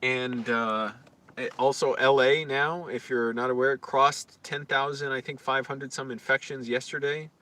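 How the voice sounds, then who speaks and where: A man's voice: medium pitch, steady tone, unhurried, bright, forceful tone. A man talking to his own camera outdoors in a casual, rambling vlog, crude and complaining. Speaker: vlogger. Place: outdoors on the street.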